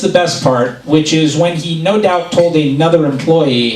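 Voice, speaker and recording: A man's voice: a little high, a little slow. Man doing stand-up in an echoey club. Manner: animated storytelling, acts out quotes. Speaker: stand-up comedian. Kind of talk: stand-up comedy set. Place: club stage before a laughing audience. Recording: roomy live club recording, mic at a distance.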